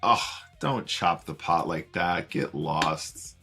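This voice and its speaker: A man's voice: low voice, slow pace, gravelly, sharp tone, husky, soft background music. A man casually commentating his online poker play on a live stream, chatting with viewers as he goes. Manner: chatty, greets viewers while playing.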